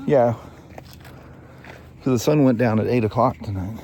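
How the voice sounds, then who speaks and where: एक गहरी, खरखराती आवाज़ वाला अधेड़ उम्र का आदमी, जो बिखरे, सहज अंदाज़ में वीडियो ब्लॉग पर बातें करता है। उसकी आवाज़ मधुर और गर्म है। पीछे हल्का सा शोर सुनाई देता है।. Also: male voice, medium pitch, normal speed, dark tone, a little hiss or hum. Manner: rambling, easygoing storytelling with restarts. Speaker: vlog host. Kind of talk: casual chat.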